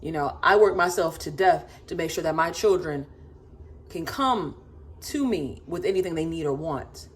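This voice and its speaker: Emphatic sassy mom of four in her thirties, slightly low voice, ranting at commenters. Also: animated, normal speed. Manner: emphatic, sassy, repeats for stress. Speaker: vlogger, mother of four. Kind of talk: ranting to camera.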